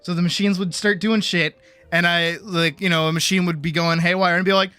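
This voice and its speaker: A woman streamer telling a story in casual chat, animated, laughing often and swearing freely. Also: fairly quick. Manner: quotes people in big high-pitched voices.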